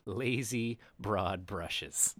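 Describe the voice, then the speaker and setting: A man's voice: lowish voice, extremely slow, a bit bright, no echo, clean studio sound. A man co-hosting a podcast, critiquing a TV show in casual chat and often ending points with a tag question. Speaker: podcast co-host.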